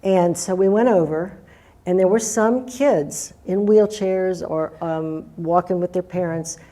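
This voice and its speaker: An older woman tells a story in a loose, chatty way, circling back and restarting her sentences. Her voice sits a little low and sounds mellow and soft-edged. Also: unhurried. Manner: meandering, with restarts and acted-out quotes. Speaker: guest storyteller. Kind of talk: casual spoken storytelling.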